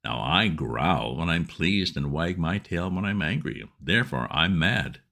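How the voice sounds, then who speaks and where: A man's voice: deep voice, animated, measured pace, creaky, pushed and bright, full character voice. A man voicing a sly, grinning cat who teases with matter-of-fact riddles in a storybook reading.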